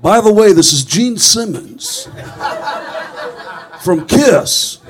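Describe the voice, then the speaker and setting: A boastful middle-aged rock star who drawls out every plug in a slow, deadpan sales pitch, as a male comedian puts him on. The voice sits fairly high for a man and has an odd, altered timbre. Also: heavily acted. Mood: smug. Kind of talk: stand-up comedy impression.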